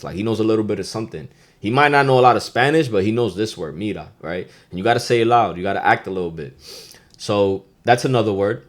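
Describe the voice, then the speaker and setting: A man with a New York accent hosting a podcast, teaching slang in a loose, profane, animated way and getting loud when he acts out phrases. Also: fairly low pitch, fast talker. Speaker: podcast host. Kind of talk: casual podcast lesson.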